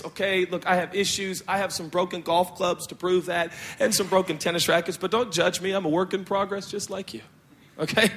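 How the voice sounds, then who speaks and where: A man preaching a sermon, animated and joking, talkative and expressive, poking fun at himself. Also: sits high. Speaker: pastor.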